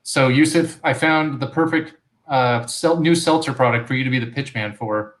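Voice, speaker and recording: A man co-hosting a live podcast, relaxed, setting up bits with fillers. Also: medium pitch, normal speed. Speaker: podcast co-host.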